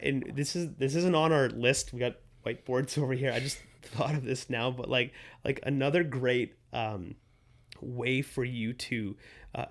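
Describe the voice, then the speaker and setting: A man co-hosting a podcast, talking in a rambling, playful way with many fillers. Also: medium pitch. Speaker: podcast co-host. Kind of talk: casual chat.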